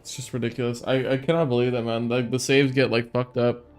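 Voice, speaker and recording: A man's voice: medium pitch, flat delivery, brisk, faint music behind. Exasperated man ranting over gameplay. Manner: exasperated, swearing, talking to himself. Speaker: gamer streamer. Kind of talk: casual gameplay commentary.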